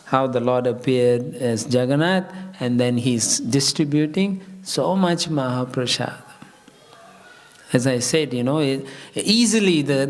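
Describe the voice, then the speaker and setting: A male preacher telling a story in a sermon, lively and chuckling often. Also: medium pitch. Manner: chuckles often, lively, peppered with "you know".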